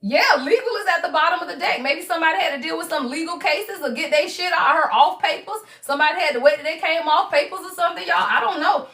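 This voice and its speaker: A woman's voice: very high-pitched, quick pace, hardly any pauses, sharp tone, echoey room, far from the mic. A woman doing a casual live-streamed tarot reading, slangy and laughing often as she talks to her viewers. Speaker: tarot reader.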